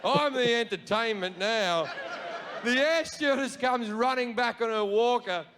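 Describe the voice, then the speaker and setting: A man's voice: extremely high pitch, a little slow, noisy background. A man with an Australian accent doing stand-up comedy, telling a story in a brash, profane manner.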